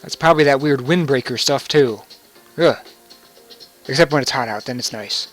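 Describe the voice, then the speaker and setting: A man's voice: medium pitch, moderate pace, soft background music. A young man giving casual, joking commentary over a video game and laughing often. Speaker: let's play commentator.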